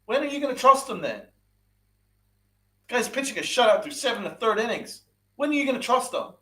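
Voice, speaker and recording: Fired-up ranting man, high lively voice. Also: fairly quick. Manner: ranting, repeats himself, swears, asks rhetorical questions. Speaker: podcast host. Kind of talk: angry sports rant with live chat.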